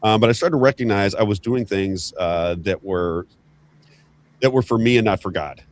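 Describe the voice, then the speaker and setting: A man's voice: fairly low pitch, normal speed. A man hosting a political talk show, chatting emphatically with a guest and often repeating himself as he talks. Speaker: host.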